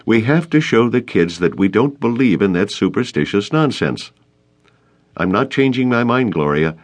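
A man's voice: lowish voice, animated, normal speed, voice pushed up, close to an everyday voice. A man reading an audiobook, voicing a stubborn young male teacher who speaks firmly and reasonably. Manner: firm, reasonable.

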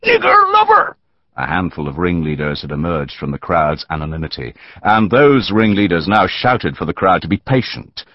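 A man narrating a historical novel audiobook in a measured, dramatic storytelling manner. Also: low-pitched, no echo, dull audio.

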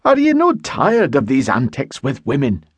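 A male narrator voicing a surly, gruff Highland man in an audiobook. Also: huge pitch swings, moderate pace, dry recording. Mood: grumbling. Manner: gruff, urgent.

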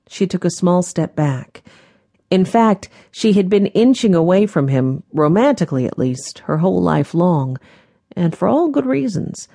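A woman reading an audiobook as its narrator in a measured, gentle manner. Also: lowish voice, very animated, vocal fry, no echo, studio quality. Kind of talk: scripted narration.

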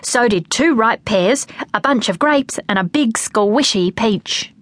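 A woman narrating a children's audiobook with lively, expressive storytelling. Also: fairly high pitch, slow pace, no room sound.

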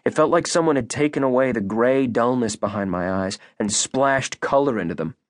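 A man narrating a first-person audiobook in an expressive, measured voice. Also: medium pitch, no echo, studio quality.

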